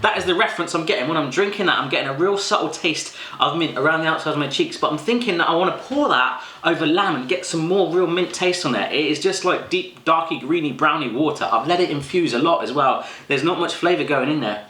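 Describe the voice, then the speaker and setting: Animated, jokey British man in an echoey room. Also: on the high side, fast talker, hardly any pauses. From United Kingdom. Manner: animated, jokey, exaggerated reactions. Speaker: food vlogger. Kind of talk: casual chat to camera.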